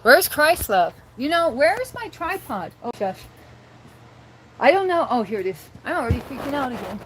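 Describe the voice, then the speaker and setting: A woman's voice: high-pitched, sing-song, moderate pace, fairly bright tone. Woman rambling on her phone livestream, lots of giggles, talking to chat, bit of faint hiss behind. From rural area near Boise, Idaho. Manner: chatty and rambling, laughs often. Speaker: livestream host. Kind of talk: casual livestream chat with viewers. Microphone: handheld phone.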